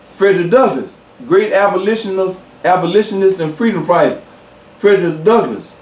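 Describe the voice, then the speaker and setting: A man preaching a sermon, slow and emphatic, repeating key words and pausing with fillers. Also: high voice, lively intonation, a little mellow, reverberant, distant mic.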